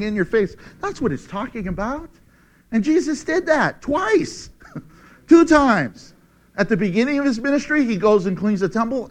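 A male preacher delivering a lively sermon. His voice sits high and swoops widely as he reads scripture with drama, breaks into frequent laughter, and rises to shouts at key points. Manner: animated, laughs often, shouts for emphasis.

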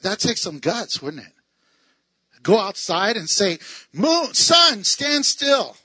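A man teaching a Bible passage in a lively, excitable way, laughing often and acting out the voices he quotes. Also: very high-pitched, husky, no echo. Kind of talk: animated Bible study teaching.

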